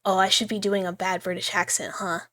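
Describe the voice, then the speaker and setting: A woman's voice: medium pitch, little pitch movement, fairly quick, bright, forceful tone. Giggly woman streaming a horror game. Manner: chatty, giggly, lots of asides. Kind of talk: live horror game commentary.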